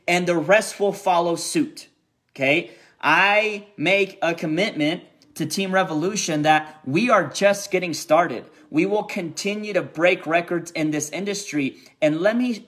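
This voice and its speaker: A man giving a casual motivational live talk to his team, energetic and repetitive, checking in with "okay?" after every point. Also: on the high side. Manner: energetic, repeats himself, peppers lines with "okay?". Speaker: network marketing team leader. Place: resort room by a heated pool on a snowy day.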